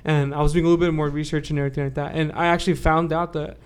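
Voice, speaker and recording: Young man, high voice, earnest. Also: level tone, racing, clear, resonant tone. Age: young adult. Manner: leans on "right?" and "like", earnest. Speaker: podcast co-host. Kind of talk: casual faith discussion.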